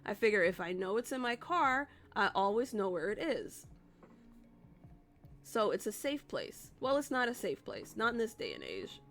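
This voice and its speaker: A woman's voice: medium pitch, sing-song, normal speed, a bit bright. A woman streamer casually telling a rambling, profane story to her live chat. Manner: chatty, profane, rambling with restarts.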